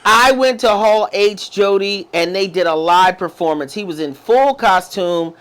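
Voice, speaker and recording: Excited high-voiced man telling a story. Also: a little slow, smooth. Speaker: podcast co-host. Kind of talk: casual chat.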